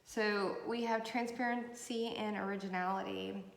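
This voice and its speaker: A woman's voice: mid-range voice, fairly even intonation, normal speed, creaky. A woman giving a chatty, rambling tarot reading with many fillers, recorded on a camera mic. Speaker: tarot reader. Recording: echoey room with faint noise.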